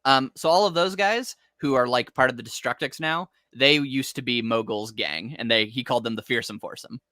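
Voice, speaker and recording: Male podcast co-host, mid pitch, bright, excitable fan energy. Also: a little fast, no room sound, clean studio sound. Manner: enthusiastic, laughing, swears casually. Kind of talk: casual comic recap chat.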